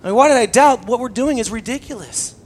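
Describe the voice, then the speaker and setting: A man's voice: very high voice, quick pace, voice pushed up. A man voicing a stunned young fisherman who rambles in disbelief. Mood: incredulous. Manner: incredulous, rambling.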